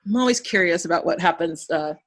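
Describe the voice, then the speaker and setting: A woman's voice: fairly low pitch, fast talker. A woman hosting a podcast, recapping an episode in casual chat, laughing often and acting out lines as she goes. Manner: animated retelling, acts out quoted lines, laughs often. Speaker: podcast host.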